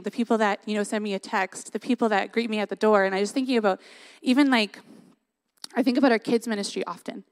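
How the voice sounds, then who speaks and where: A woman's voice: mid-range voice, steady tone, fast talker. A young woman giving a sermon in an earnest, conversational way, often adding "like" and "right?". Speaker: worship leader giving a church talk.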